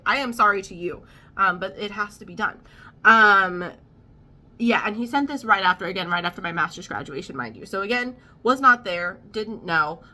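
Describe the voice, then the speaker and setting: A young adult woman talks through a casual storytime for her vlog. She rambles, with wry, amused asides. Her voice is bright and forward, with a sharp edge. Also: medium pitch. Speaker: vlogger.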